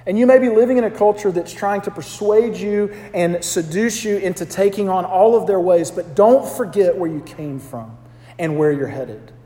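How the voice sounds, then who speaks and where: An echoey hall holds the sermon of a Southern pastor in his thirties, whose high, mellow voice keeps a moderate pace. He preaches conversationally in a Southern US accent, telling stories and calling out to the congregation.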